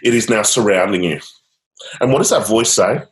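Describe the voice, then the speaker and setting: A man's voice: on the low side, normal speed. A man guiding a client through a coaching session, upbeat and encouraging, with casual fillers. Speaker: change coach. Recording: roomy echo.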